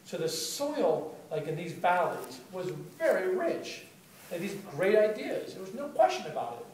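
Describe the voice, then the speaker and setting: High-voiced man telling stories in echoey hall. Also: unhurried, far from the mic, a little hiss or hum. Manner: animated, chatty, heavy use of "like". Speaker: storyteller at a spoken-word event. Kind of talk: live storytelling talk. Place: room with a live audience. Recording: very echoey room taped from afar.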